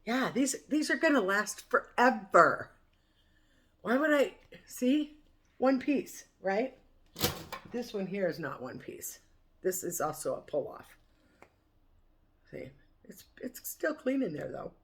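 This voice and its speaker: A woman's voice: mid-range voice, lively intonation, unhurried, fairly bright tone. A woman vlogger chatting casually to camera over morning coffee, rambling and laughing often. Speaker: cooking vlogger.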